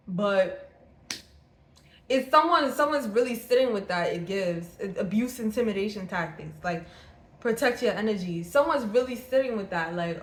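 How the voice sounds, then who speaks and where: A woman gives a tarot reading straight to the camera, blunt and profane, and she keeps hammering the same point in new words. Her voice sits at an everyday middle pitch. The room around her is echoey and roomy. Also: moderate pace. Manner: blunt, profane and repetitive, circling back on points; acts out the other person's thoughts in a lower, quieter voice. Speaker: tarot reader. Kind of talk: intuitive tarot reading monologue. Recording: roomy echo.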